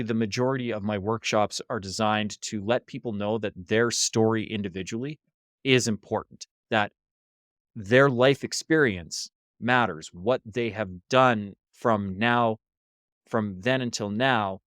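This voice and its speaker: A man's voice: on the low side, measured pace, no room sound, studio quality. A man telling a story as a podcast guest and talking about leadership workshops, acting out the voices of the people in it. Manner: animated storyteller, acts out quoted voices. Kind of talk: casual interview storytelling. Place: hostel room.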